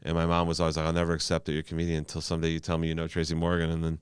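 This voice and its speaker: A man, a stand-up comedian, telling stories on a podcast in a casual, animated way, with stammered restarts and frequent swearing. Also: rumbling low, very fast, smooth, dry recording.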